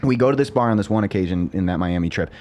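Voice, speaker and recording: A man telling a story in a casual group chat, quick and animated, swearing freely. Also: low voice.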